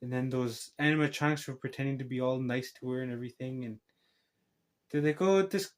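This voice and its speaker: A man's voice: medium pitch, flat delivery, fairly quick. A man giving a casual spoken film recap as a reviewer, rambling through a tangled retelling full of restarts.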